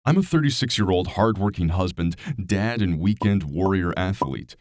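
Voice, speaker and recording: A man reading a scripted product review as a hired voice actor, in a lively, expressive way. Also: low-pitched, moderate pace, no echo, clean studio sound, soft background music. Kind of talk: scripted narration.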